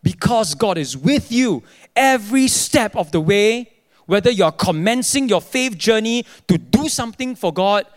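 A young adult male pastor, preaching a sermon in an animated storytelling way. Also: high-pitched, measured pace. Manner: animated storytelling, acting out his own dialogue.

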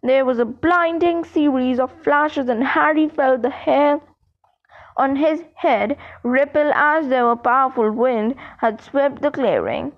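A woman narrating a fantasy audiobook in a measured, steady way. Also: high-pitched, highs cut off. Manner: measured, steady, with small slips. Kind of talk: audiobook reading.

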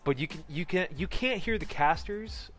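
Mężczyzna opowiadający chaotycznie, ze śmiechem. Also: male voice, fairly high pitch, animated, normal speed, fairly bright tone, faint music behind. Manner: rambling, laughs often, many restarts and fillers. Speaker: costumed performer telling a story. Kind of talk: casual storytelling. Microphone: close personal mic.

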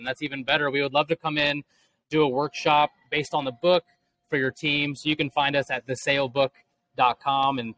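A man's voice: mid-range voice, fairly bright tone, poor audio. A man in his thirties, a guest author and speaker, answering earnestly in a podcast interview. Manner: earnest, motivational.

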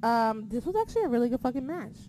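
A woman co-hosting a casual chat, excitable and swearing freely, sometimes losing her train of thought. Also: a little high, fast, slight background noise. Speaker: podcast co-host.

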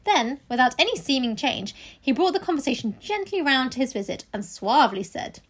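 Husky high-voiced woman reading aloud. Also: very animated, a little fast. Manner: reads aloud, breaks off to joke and comment. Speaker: podcast co-host. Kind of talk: reading a novel aloud with chatty asides.

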